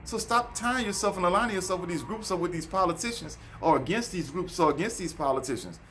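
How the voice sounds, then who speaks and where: A man's voice: sits high, animated, fast talker, sharp tone, slight background noise. Preachy man ranting to his viewers. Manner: preachy, repetitive, addresses viewers as folks. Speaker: vlogger. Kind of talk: casual monologue to camera. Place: outdoors near a road.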